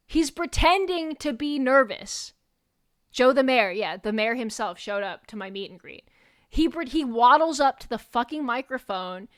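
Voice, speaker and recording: A young adult woman streamer telling a story in a casual, animated way, with frequent swearing and rambling asides. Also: on the high side. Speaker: VTuber streamer.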